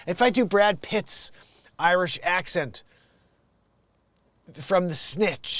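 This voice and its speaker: A man's voice: high voice, slow, pauses often, fairly bright tone, dry recording. A man hosting an improvised comedy show, reading the news and breaking off into jokey, rambling asides.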